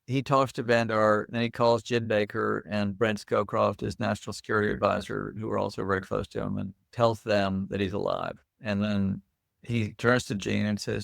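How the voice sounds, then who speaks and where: Gravelly low-voiced older man. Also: normal speed, no echo, clean studio sound. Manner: lively anecdotal storyteller. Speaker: guest. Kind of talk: casual interview storytelling.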